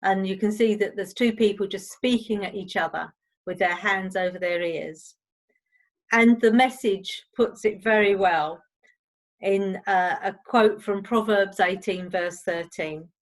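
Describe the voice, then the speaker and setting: A woman, a counsellor, presenting a recorded teaching seminar on listening in a clear, steady way. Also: medium pitch, measured pace, poor audio.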